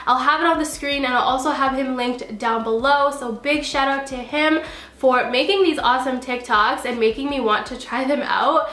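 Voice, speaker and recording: A woman's voice: high voice, normal speed, fairly bright tone. A woman hosting a casual cooking vlog in her home kitchen, chatty and upbeat, her voice nasal and stuffy from a cold. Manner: chatty and upbeat, with frequent fillers. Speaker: cooking channel host. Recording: echoey kitchen.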